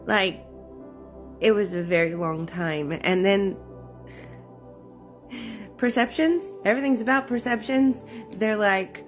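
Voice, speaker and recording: A woman telling her own story of fear and prayer in a candid, halting way, with many fillers and emotional pauses. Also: mid-range voice, lively intonation, soft background music. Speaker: memoir narrator. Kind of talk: personal testimony, casual storytelling.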